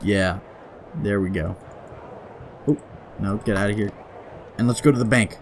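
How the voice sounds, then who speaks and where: A man with a somewhat low voice works through a story game, reading each passage aloud at an unhurried pace. He keeps laughing at the text, then slips into quick offhand remarks before picking the narration back up. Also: slight background noise. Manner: giggly, laughs often while reading; reads story passages slowly, then mutters quick asides. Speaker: let's play gamer.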